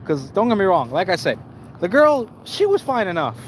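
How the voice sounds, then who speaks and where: Brief: young male streamer, higher-pitched voice, cussing, animated, slangy, stumbling restarts. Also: moderate pace, slight background noise. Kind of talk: casual live-stream storytelling.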